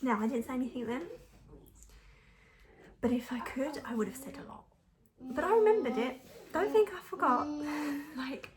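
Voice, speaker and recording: Chatty young mum, slightly high voice. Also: female voice. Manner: chatty, frank, laughs often, many fillers. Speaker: mum vlogger. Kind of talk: casual storytelling to camera.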